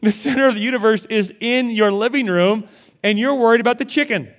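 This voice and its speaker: A male pastor preaching a conversational sermon with animated delivery, often repeating words as he goes. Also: very high voice, a little fast.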